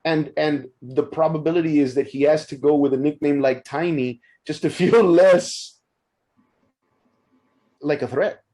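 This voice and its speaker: Man, thirties, Mexican-American background, casual storyteller, stumbles and restarts, fairly high voice. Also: a little slow, mellow.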